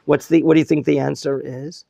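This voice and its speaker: A man teaching a Torah class with a somewhat high voice and a gravelly, fry-laced texture. He questions his students and corrects their reading as he goes. The sound is close and dry. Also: a little fast, dry recording. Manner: lively teacher, quizzing students, mixing in Hebrew terms. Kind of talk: classroom Bible lesson.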